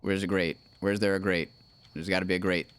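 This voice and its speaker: A man's voice: deep voice, steady tone, fairly quick, fairly bright tone, clean tone. A man streaming a video game with his wife, chatting playfully, narrating his own moves and humming silly nonsense tunes. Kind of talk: casual livestream gaming commentary.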